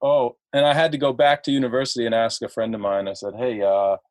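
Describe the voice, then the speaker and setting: A man's voice: medium pitch, no room sound. Chatty man, dry close sound. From Ohio, USA. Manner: halting, chatty storyteller with many fillers and laughs. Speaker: podcast guest, entrepreneur. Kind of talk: casual podcast chat.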